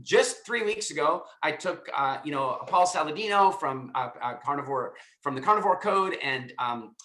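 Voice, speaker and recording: A man in his fifties coaches a group call in a bright, forceful voice pitched a little high. He talks emphatically and informally, tripping over repeated words as he pushes his point. The room around him is echoey. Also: lively intonation, normal speed. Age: 50s. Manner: emphatic, with frequent stammered word repeats. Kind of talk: informal teaching talk.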